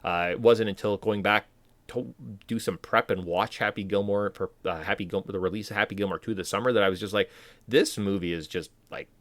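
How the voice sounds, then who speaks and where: Male podcast co-host, low dry voice, rambling enthusiastic chat with fillers. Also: fairly even intonation, brisk, a bit bright, no room sound.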